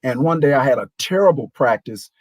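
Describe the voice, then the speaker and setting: A man in his sixties, a show guest, telling a lively anecdote and acting out the voices of people in it. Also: medium pitch, fairly quick, no room sound, low-quality recording. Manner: animated, acts out quoted voices. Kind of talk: storytelling anecdote.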